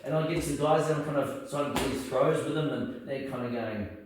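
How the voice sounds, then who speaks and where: A man with an Australian accent telling a story in casual chat, animated and laughing, acting out the people in it. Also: medium pitch, a little fast, noisy background. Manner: animated, laughing, acts out voices in his stories. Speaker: guest martial arts teacher. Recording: echoey room, mic far off.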